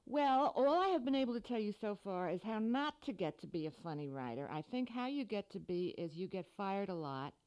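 A middle-aged woman author from the United States, giving a scripted radio talk with dry, deadpan humor. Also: mid-range voice, fairly quick, hardly any pauses, clean tone.

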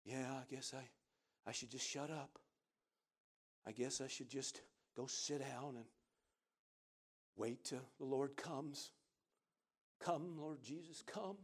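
A man voicing a hopeless, self-pitying churchgoer who mutters in a hushed, defeated way. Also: mid-range voice, takes it slowly, long pauses, breathy edge, pitched below the performer's own voice.

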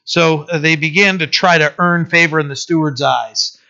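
A male pastor giving a conversational sermon, with many fillers and restarts, who slows down to read scripture aloud. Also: a little high, steady tone, creaky, bright, forceful tone, dull audio. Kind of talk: sermon, informal Bible teaching.

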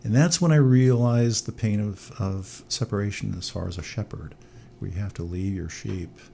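Low gravelly priest telling stories. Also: male voice, normal speed, a little hiss or hum. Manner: animated storyteller, upbeat. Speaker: priest and military chaplain; chancellor of military archdiocese. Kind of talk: interview guest storytelling.

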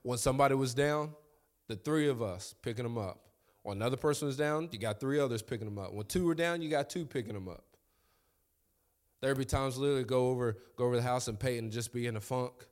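A man preaching a sermon as pastor, swinging from quiet asides into loud, high, excited preaching. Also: quick pace. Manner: animated, rising to high excited pitch when preaching.

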